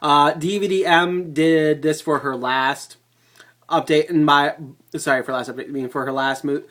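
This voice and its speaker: A man giving a casual movie review vlog to a webcam, excitable and rambling, swearing freely. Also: a little high, moderate pace.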